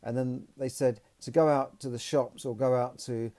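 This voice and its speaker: A man's voice: medium pitch, steady tone, moderate pace, dark tone. A man hosting a solo podcast, commenting in a rambling, opinionated way. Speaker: podcast host.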